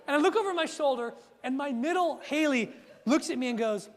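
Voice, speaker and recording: A man coaching a live seminar audience, energetic, checking in with "right?" and acting out his stories loudly. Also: very high-pitched, fast talker, slight background noise. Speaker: workshop speaker and coach. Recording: long hall reverb.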